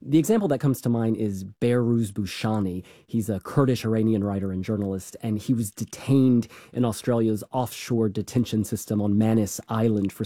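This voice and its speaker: A man contributing thoughtful, measured commentary on a radio arts show. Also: lowish voice, mellow, no echo, clean studio sound. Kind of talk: conversational commentary.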